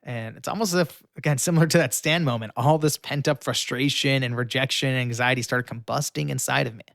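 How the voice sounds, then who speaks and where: A young man telling a story with lively energy, filling it with fillers and acting out the voices of the people in it. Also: medium pitch, a little fast, creaky, no room sound, studio quality. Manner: acts out quoted voices, shouting and pleading; frequent fillers. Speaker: guest storyteller. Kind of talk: animated storytelling.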